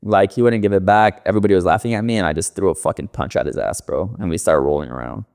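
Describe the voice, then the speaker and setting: A man's voice: deep voice, fast, gravelly, a little mellow. A young man from the Los Angeles area, a podcast guest, telling loose and profane stories in casual interview talk, full of fillers.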